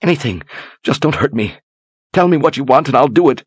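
A man voicing a haughty noblewoman, high and shrill, pleading in terror. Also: expressive, slow, slightly rough, dry recording. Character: panicked haughty noblewoman, terrified.

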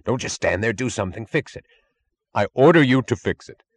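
A man's voice: fairly low pitch, fast talker, a bit bright, breathy edge, no room sound. A man voicing an impatient, bullying official who snaps and barks orders. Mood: demanding. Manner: snapping, barking orders. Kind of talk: audiobook character voice.

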